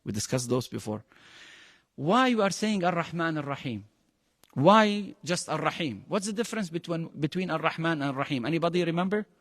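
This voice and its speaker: Arabic-accented male religious teacher, fairly high voice, lively and questioning, dry sound with a long hall tail. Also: fairly quick. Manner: animated, questioning the class, pitch jumping high for emphasis. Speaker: Quran teacher. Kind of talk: interactive religious lesson.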